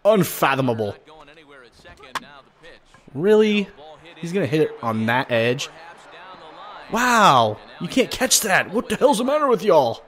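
A man commentating his own baseball video game play casually, joking and swinging from low muttering to sudden loud outbursts. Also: very animated, measured pace, pauses often. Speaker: gaming commentator.

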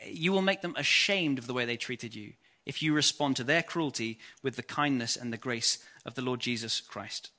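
English guy preaching a sermon, bright clear voice, earnest and measured, reads scripture out. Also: medium pitch.

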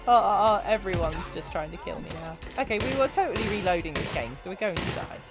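A woman's voice: lowish voice, animated, fast talker, over music. A young woman streaming a video game, chatting and giggling with her viewers as she plays. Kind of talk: casual gameplay commentary.

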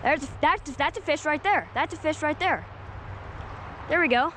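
A woman vlogging while fishing outdoors at a lake, excitable and keeps calling out to viewers. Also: high voice, normal speed, a little hiss or hum. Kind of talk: excited outdoor vlog commentary. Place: outdoors at a lakeshore.

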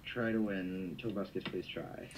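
A young man hosting a web show, chatting casually and stammering through quick restarts while he plays a game on a home mic. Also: low-pitched, steady tone, low-quality recording. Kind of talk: casual gameplay commentary. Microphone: home mic that drops in level.

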